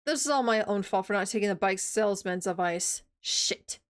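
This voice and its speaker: A woman's voice: mid-range voice, fairly quick, clean tone. A woman streamer reading a visual novel aloud and chatting casually, swearing and laughing at herself.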